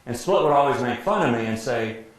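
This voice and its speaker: A man in his sixties who grew up in Detroit, a sportscaster speaking as guest, telling lively anecdotes and acting out quotes with frequent laughter. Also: medium pitch, fairly quick. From Detroit, USA. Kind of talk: anecdotal storytelling talk. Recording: very echoey room, faint background noise.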